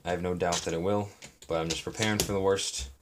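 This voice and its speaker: Low-voiced young man rambling on a stream. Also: steady tone, fast talker. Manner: meandering, self-deprecating, lots of fillers. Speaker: live streamer. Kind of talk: rambling live-stream chat while building. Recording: noisy, with keyboard and brick clicks.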